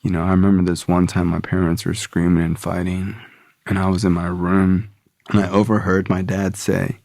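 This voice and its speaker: A man's voice: sits low, level tone, normal speed, creaky, a little mellow, no room sound, studio quality. A man guesting on a podcast, telling his own story candidly, with profanity and frequent "like" and "you know". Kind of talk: personal storytelling.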